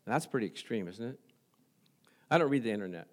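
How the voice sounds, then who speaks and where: A man's voice: lowish voice, animated, fairly quick. A middle-aged man preaching a sermon as pastor, conversational and chuckling often, with frequent "praise the Lord".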